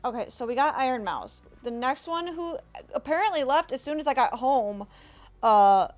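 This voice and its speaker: A woman streamer giving reaction commentary, halting and emotional, with many restarts and apologies. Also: high-pitched, lively intonation.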